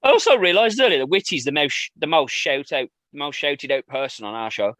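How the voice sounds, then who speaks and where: A man's voice: fairly high pitch, lively intonation, brisk, fairly bright tone, dry recording. A man co-hosting a wrestling podcast, crude and swearing, laughing a lot in casual chat. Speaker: podcast co-host.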